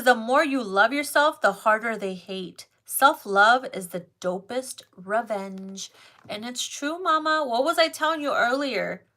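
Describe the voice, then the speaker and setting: Bright-voiced, profane woman tarot reader. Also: mid-range voice. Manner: profane, blunt and emphatic; chatty, talks straight to viewers. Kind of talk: casual spoken card reading.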